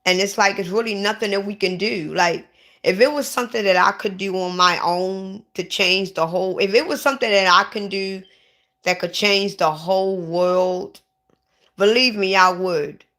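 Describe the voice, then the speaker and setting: A woman's voice: mid-range voice, moderate pace, a bit bright. A woman who is sick and lightheaded, talking casually and upset to her livestream viewers, repeating herself and restarting often. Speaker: vlogger.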